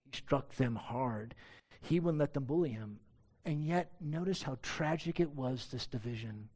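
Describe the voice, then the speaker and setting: A man's voice: medium pitch, lively intonation, measured pace, a little mellow. A pastor preaching a sermon to his church, earnest and emphatic, asking many rhetorical questions.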